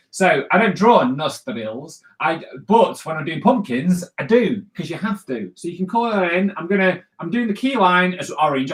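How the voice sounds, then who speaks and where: A man's voice: medium pitch, a bit bright. A man leading a casual live drawing tutorial, rambling and chatty with many fillers and restarts. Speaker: cartoonist teaching drawing.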